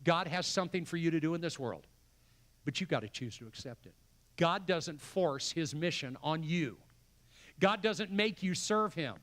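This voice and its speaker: An older man preaches to his church in a fairly high-pitched voice. He pushes hard on repeated phrases and lets his excitement build. It sounds like a pastor calling his people to a mission. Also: normal speed. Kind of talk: sermon. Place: church sanctuary.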